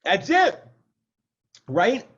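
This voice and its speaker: A man's voice: high-pitched, wildly swooping pitch, very slow, fairly bright tone, breathy edge, muffled recording. A man, a rabbi, giving an informal class in a conversational way, often checking in with "right?" and adding self-deprecating asides over a video call. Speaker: rabbi teaching an adult class. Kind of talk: informal lecture.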